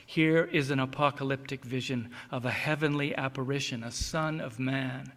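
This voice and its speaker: A man preaching an expository sermon, reading scripture slowly and with deliberate emphasis. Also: medium pitch, fairly even intonation, fairly bright tone. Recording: long reverb of a large hall.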